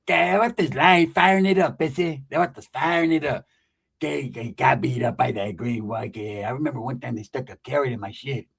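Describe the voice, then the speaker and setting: A man voicing a paranoid, conspiratorial cousin who talks slowly and secretively, tagging lines with "eh?". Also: medium pitch, gravelly, slightly rough, pitched below the performer's own voice. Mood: paranoid hushed. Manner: hushed, slow, secretive, ends with "eh?".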